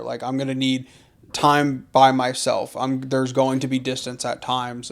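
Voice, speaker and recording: A young man's mid-range voice comes across clear and resonant. He co-hosts a podcast, discussing faith earnestly and reflectively in a casual chat and repeating phrases for emphasis.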